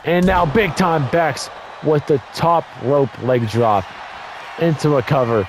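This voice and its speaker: A young man giving casual play-by-play commentary on a wrestling video game, excitable, blurting exclamations and correcting his own slips, his voice a little worn. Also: a little high, takes it slowly, noisy background. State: voice getting worn from talking.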